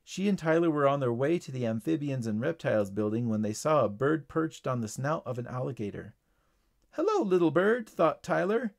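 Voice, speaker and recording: A man narrating a short storybook reading in a steady, plain storytelling way. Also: medium pitch, brisk, creaky, hardly any pauses.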